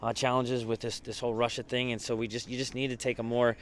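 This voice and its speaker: Man, mid pitch, casual recap, filler-heavy, faint background noise. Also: flat delivery, quick pace. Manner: casual, conversational, many fillers and restarts. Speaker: mastermind group leader. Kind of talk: behind-the-scenes recap.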